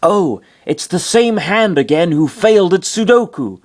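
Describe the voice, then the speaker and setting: A man's voice: sits high, animated, measured pace, a little mellow, pitched above the performer's own voice. A man reading aloud and voicing an upbeat, boastful male doctor who lives inside a game console and likes to taunt. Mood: cheery.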